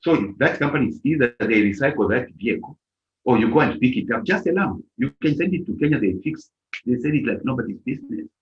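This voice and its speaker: Animated man with a lively, swooping voice. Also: medium pitch, fast. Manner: animated, emphatic storytelling with repetitions. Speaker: live stream speaker advising volunteers. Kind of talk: informal motivational talk. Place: lives in Germany. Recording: dull lo-fi live stream audio.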